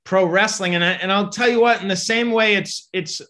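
Brief: high, bright-voiced male comedian, quick, stop-start chat. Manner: fast, halting, with many restarts. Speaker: comedian guest. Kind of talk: casual podcast chat.

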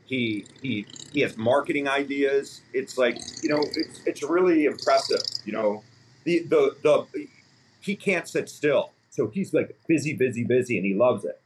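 A man in his fifties, a company founder, telling stories in a casual interview, rambling and animated with many fillers. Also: medium pitch, normal speed, slight background noise. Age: 50s.

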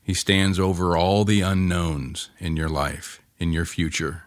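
Deep-voiced man teaching Scripture slowly. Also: flat delivery, dry recording, studio quality. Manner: slow, earnest, with many restarts and pauses. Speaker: podcast Bible teacher. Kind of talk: devotional podcast teaching.

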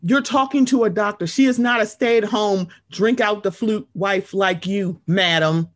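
A woman's voice: mid-range voice, unhurried. A woman co-hosting a casual recap podcast, blunt and sassy, cursing freely. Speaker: podcast co-host.

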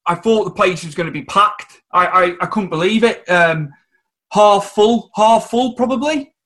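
A man hosting a podcast, chatting in a relaxed way and swapping memories as a fan. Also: high-pitched, moderate pace. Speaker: podcast host. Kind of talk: casual chat.

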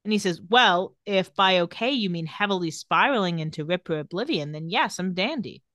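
With a fairly low voice at normal speed, a young adult woman co-hosts a podcast, recorded in a clean studio with no echo. Chatting casually, she recaps a TV episode with animation, performing the characters' lines as she goes.

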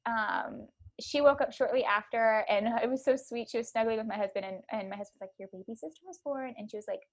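A woman's voice: on the high side, fairly even intonation, quick pace. A woman in her thirties, a podcast guest, casually telling her birth story with many likes and ums.

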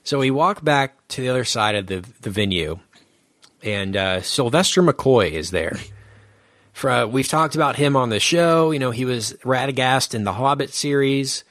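A man's voice: mid-range voice, normal speed, dry recording, studio quality. Chatty man telling a rambling story. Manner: animated, rambling anecdote with restarts. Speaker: podcast co-host. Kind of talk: casual podcast storytelling.

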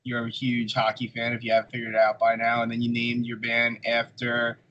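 A man hosts a casual podcast with a middle-pitched voice. He talks in halting, filler-laden bursts and likes to joke. A faint background hiss sits under the recording. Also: monotone, pushed and bright, highs cut off. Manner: filler-heavy, hesitant, joking. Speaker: podcast host.

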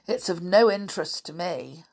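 A woman's voice: fairly low pitch, animated, takes it slowly. A woman voicing a stern, scornful middle-aged male scientist held captive.

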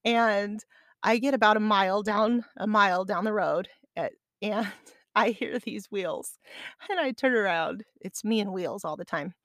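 A woman's voice: medium pitch, a little slow, fairly bright tone, no echo, clean studio sound. A middle-aged woman hosting a podcast, telling a personal story in a chatty, self-deprecating way and laughing as she goes. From Arizona. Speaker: podcast host. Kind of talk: casual storytelling monologue.

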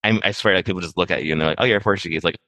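Fast-talking low-voiced man, chatty. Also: sharp tone, dry recording. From Massachusetts, USA. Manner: rapid, rambling, heavy use of "like", quick laughs. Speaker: podcast guest. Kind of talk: casual conversation.

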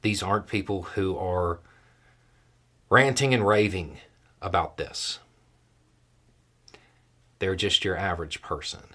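A man's voice: deep voice, takes it slowly, pauses often, a bit bright. A man hosting a solo political commentary show, talking in a conversational, dry way with emphatic stresses.

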